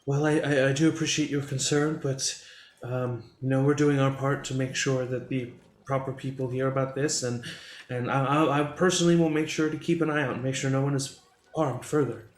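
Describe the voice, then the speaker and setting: A man's voice: mid-range voice, fairly even intonation, brisk, reverberant, natural voice. A man voicing a humble, polite male keeper of records who talks in a hesitant, stammering, apologetic way. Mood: meek.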